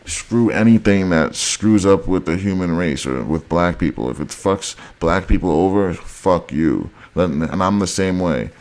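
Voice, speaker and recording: A man with a very deep voice delivers a heated vlog rant. He repeats himself, circles back and keeps addressing his viewers as guys. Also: animated, unhurried, hardly any pauses, a little mellow. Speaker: vlogger. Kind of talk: ranting monologue to camera.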